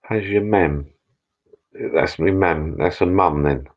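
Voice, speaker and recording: Man, middle-aged, very low voice, rambling jokey live-stream host, dull lo-fi sound. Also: slow pace. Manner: rambling, jokey, repeats words. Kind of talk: casual live stream chat. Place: backyard garden bar shed.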